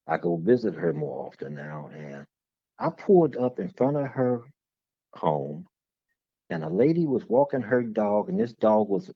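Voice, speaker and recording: Gravelly man telling stories. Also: sits low, no room sound. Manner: rambling, repeats words while telling stories. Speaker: guest. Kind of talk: casual storytelling conversation. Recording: dull lo-fi sound.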